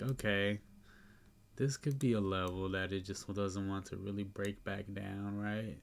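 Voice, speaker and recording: Sleepy, low-voiced man reviewing his trades. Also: vocal fry. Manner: relaxed and chatty, thinking aloud with fillers and soft laughs. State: sleepy and yawning. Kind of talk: casual screen-recorded trade review.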